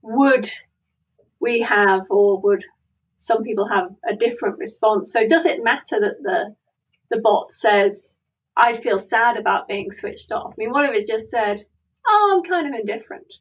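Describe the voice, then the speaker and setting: A woman talking through ideas in a lively academic discussion, often laughing and acting out imagined replies. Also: mid-range voice, measured pace, husky, distant mic, muffled recording. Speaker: philosophy panelist.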